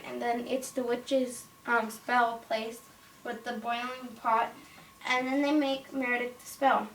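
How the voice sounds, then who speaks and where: A woman's voice: sits high, a bit bright. A woman casually showing a toy playset and rambling through its story. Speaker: toy reviewer. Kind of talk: toy unboxing and story retelling. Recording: roomy, from far off, faint noise.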